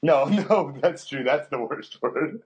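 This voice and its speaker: A man's voice: a little high, animated, slow, slight background noise. A man co-hosting a podcast, telling crude stories in casual chat, swearing freely and laughing often. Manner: crude, joking storyteller who swears a lot and laughs often. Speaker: podcast co-host.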